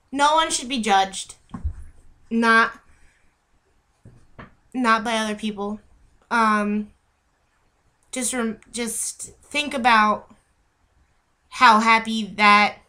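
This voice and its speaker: A woman's voice: medium pitch, bright, forceful tone. A young woman, a vlogger, ranting heatedly and rambling to camera, often breaking off mid-sentence and apologizing for repeating herself. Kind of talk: unscripted rant to camera.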